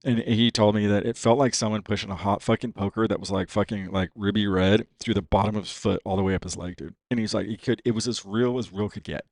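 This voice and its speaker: A man's voice: on the low side, fairly even intonation, fast, few pauses, darkish tone, no echo. A man on a podcast telling a long personal story in casual, profane talk, full of "dude" and "you know what I mean.". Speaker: podcast guest.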